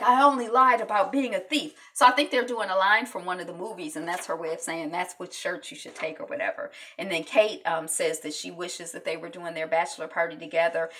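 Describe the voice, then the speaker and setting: A woman's voice: lowish voice, a bit bright, recorded from a distance. A woman giving a casual, chatty episode recap, acting out the characters' lines as she goes. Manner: chatty, acts out lines from scenes. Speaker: TV recap vlogger.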